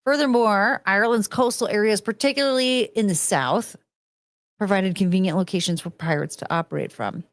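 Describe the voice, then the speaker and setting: A woman's voice: mid-range voice, fairly quick, no room sound, clean studio sound. A woman hosting a podcast in casual chat, ranting, rambling and swearing freely. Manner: rambling, loses her train of thought. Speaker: podcast host.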